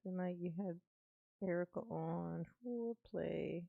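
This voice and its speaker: A woman hosts a casual livestream and talks to her viewers at an unhurried, drawn-out pace. Her voice has a gravelly rasp, and she swears freely. The sound is close and dry, with no room echo. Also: on the low side, narrow, tinny audio. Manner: laid-back, swears freely, breaks into laughter. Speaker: livestream host reading viewer comments.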